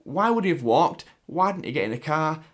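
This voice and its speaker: A man's voice: fairly high pitch, very animated, a little fast, a bit bright. A man with a Sheffield accent giving casual commentary, hesitant with many restarts. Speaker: YouTube commentator.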